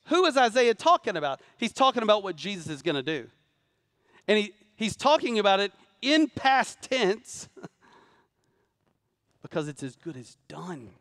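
High-voiced pastor preaching with dynamic swings. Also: male voice, sing-song, a little slow, pauses often, dry recording, studio quality. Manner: dynamic preaching, swings from loud urgent calls to low quiet emphasis; calls on the congregation to respond. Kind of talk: sermon. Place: church sanctuary before a congregation.

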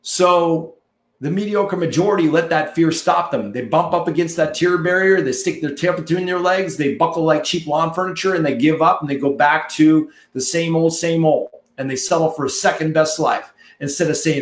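A man's voice: on the high side, moderate pace, echoey room. A man coaching listeners in a punchy, preachy motivational monologue, repeating phrases for emphasis. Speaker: marketing coach.

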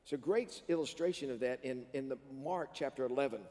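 A man's voice: medium pitch, brisk, mellow. A male pastor preaching a sermon in a large church sanctuary. He preaches with animation and prompts the congregation to answer back. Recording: long reverb of a church hall.

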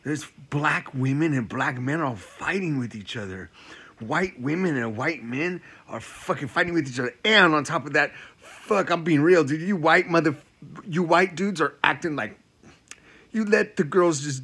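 Guy doing a crude stand-up rant, husky raspy voice, jumps between yelling and muttering. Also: expressive, moderate pace. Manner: profane, repetitive, with big swings from loud outbursts to low mutters. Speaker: comedian.

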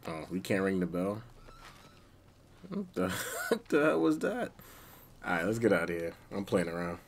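A man comments over his own gameplay in relaxed slang and a playful tone. His voice swings widely up and down. Faint noise sits under the recording. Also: deep voice, moderate pace. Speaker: gaming channel host. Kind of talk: let's play commentary.

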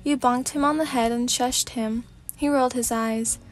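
A woman narrating a fanfic as a sleepy ASMR reading, in a calm, steady storybook manner. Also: on the high side, moderate pace.

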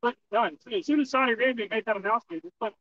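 A man preaching in the street, halting with many restarts and profanity. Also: very high-pitched, pushed and bright, dry recording. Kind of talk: street preaching, reading scripture. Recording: distant lo-fi outdoor recording.

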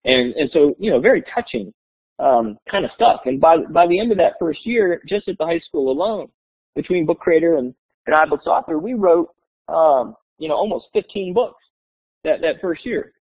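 Brief: male educator, husky voice, energetic storyteller, tinny phone-quality audio. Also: on the high side, moderate pace. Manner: animated, acts out quoted dialogue. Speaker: guest presenter. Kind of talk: webinar storytelling. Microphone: webinar audio.

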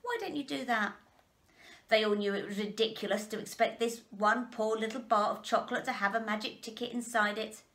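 Gentle woman storyteller reading a children's chapter book. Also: medium pitch, little pitch movement, fairly quick, hardly any pauses.

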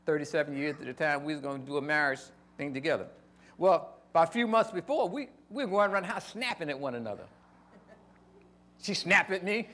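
An older man preaching a sermon, emphatic with sudden loud rises, telling stories in casual folksy phrasing. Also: on the high side. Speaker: pastor.

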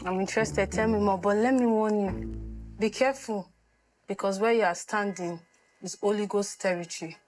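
A woman's voice: medium pitch, steady tone, normal speed, over music, close to an everyday voice. A woman as a preachy zealous visa officer. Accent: Nigerian. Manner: preachy, overbearing, sermonizing.

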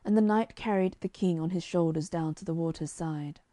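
A woman narrating a children's storybook in a calm, measured reading on a close mic. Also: lowish voice, no echo. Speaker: audiobook narrator.

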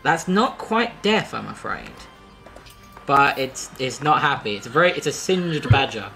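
Lively game master woman over music. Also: rumbling low, measured pace, vocal fry. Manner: chatty, laughing, swears casually. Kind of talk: narrating a tabletop game. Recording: background music.

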